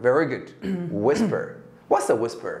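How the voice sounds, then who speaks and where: A man with an Ethiopian accent, a native Amharic speaker, teaching English in a casual, animated lesson that mixes in Amharic and plenty of laughter. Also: mid-range voice, moderate pace, echoey room.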